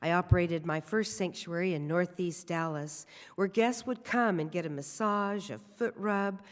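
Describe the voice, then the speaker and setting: A woman giving a personal storytelling sermon at a church service, speaking in a deliberate, reflective way. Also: on the low side. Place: church sanctuary. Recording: long reverb of a church hall.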